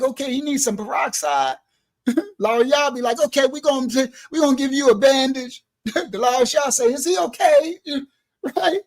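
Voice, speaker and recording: High-voiced man preaching with streetwise warmth. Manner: animated, streetwise, laughing while he tells stories. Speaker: ministry leader. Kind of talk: livestream preaching to his congregation.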